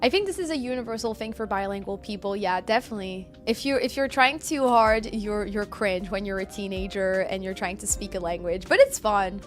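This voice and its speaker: A woman's voice: mid-range voice, a little fast, few pauses, faint music behind. A young adult woman from France with a French accent, chatting casually on a live stream, reading chat aloud and laughing often.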